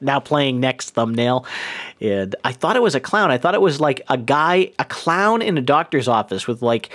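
A podcast host in casual chat, rambling with lots of hesitations and frequent giggles. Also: medium pitch.

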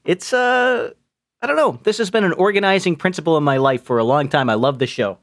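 A man's voice: a little high, fairly quick, a bit bright. A man hosting a podcast in casual, rambling chat, joking and laughing often. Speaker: podcast host.

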